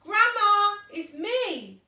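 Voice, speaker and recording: A woman's voice: extremely high pitch, big pitch swings, extremely slow, pushed and bright, pitched above the performer's own voice, exaggerated voice. A woman voicing a sly male big bad wolf who puts on a sugary voice and lets it slip into a growl. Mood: fake-sweet. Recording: echoey room, mic far off.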